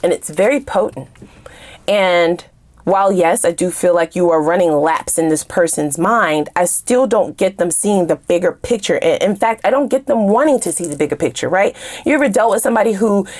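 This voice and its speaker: Brief: woman tarot reader, casual and sassy, animated, talks straight to her viewers, swears freely. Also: fairly low pitch.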